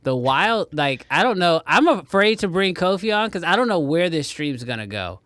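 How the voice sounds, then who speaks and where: A young man hosting a live stream with a high, animated voice that bounces all over the place. He protests in mock outrage as his friends tease him, and his voice sounds close and dry. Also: normal speed, no room sound. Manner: playful, exaggerated protests. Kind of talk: casual joking chat.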